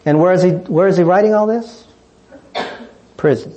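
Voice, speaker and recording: A man preaching a sermon, asking pointed rhetorical questions and swinging between fervent high emphasis and quiet, low asides. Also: normal speed, dull audio. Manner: emphatic, rhetorical questions, rising passionately then dropping low.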